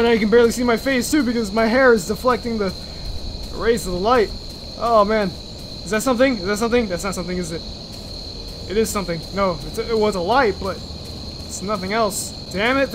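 A man's voice: high voice, background noise. A young man commenting as he plays a horror game, jumpy, swearing and screaming whenever he is startled. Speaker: gaming channel host.

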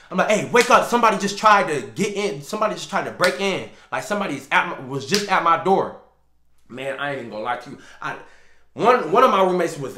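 A young man casually telling a story time in loose slang, full of fillers, getting loud and animated as he relives it. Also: fairly high pitch. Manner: gets loud and animated when reliving the scene. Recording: echoey room.

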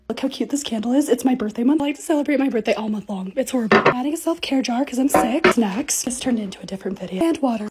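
A young lifestyle vlogger narrates her organizing and shopping vlog, bubbly and chatty as she gushes over cute things. She's hoarse and losing her voice, which sits high with a darkish tone, and there's slight background noise.

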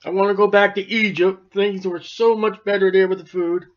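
A preacher mimicking a whiny grumbling wanderer. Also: male voice, high-pitched, flat delivery, normal speed, lightly acted. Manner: whiny, griping. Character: grumbling, complaining Israelite man. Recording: dull lo-fi recording.

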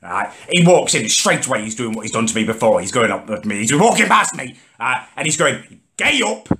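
A man's voice: mid-range voice, big pitch swings, brisk, a bit bright, slight background noise. A man, ranting indignantly in a comedic monologue. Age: 30s. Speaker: comedic vlogger. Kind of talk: comedic rant to camera.

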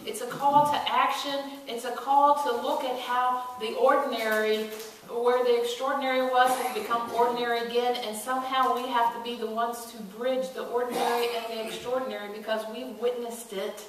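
A woman's voice: on the high side, moderate pace, slight background noise. Woman preaching in an echoey church. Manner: storytelling, acting out quoted voices, rising to emphatic calls. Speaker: pastor. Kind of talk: sermon. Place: church sanctuary. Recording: echoey church from a distant mic.

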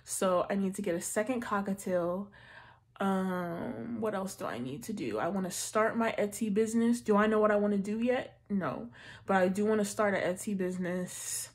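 A young woman in her twenties talks straight to her viewers in a loose, slangy way. Her delivery is chatty and animated, full of asides and jokes, with a middle-pitched voice. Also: moderate pace. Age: 20s. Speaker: budgeting vlogger. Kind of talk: casual chat.

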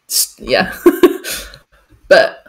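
A woman in her twenties reading out chat questions and chatting with giggles and lots of filler words. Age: 20s. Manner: chatty and giggly, many ums and likes. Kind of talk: casual livestream Q&A.

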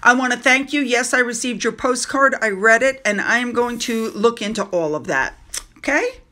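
A woman's voice: on the high side, normal speed, bright, forceful tone. A woman hosting a casual commentary video, talking emphatically with opinionated, sarcastic asides. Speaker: commentary channel host.

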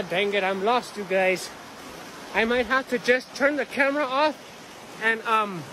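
Wandering outdoor trails, a vlogger with a high-sitting voice rambles chattily to his viewers, calling them "you guys." He swears a lot and talks straight into the camera, with background noise around him.

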